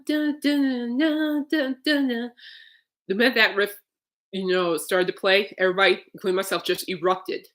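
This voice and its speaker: A woman's voice: lowish voice, fairly bright tone. A woman hosting a podcast in casual, rambling chat, laughing often. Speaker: podcast host.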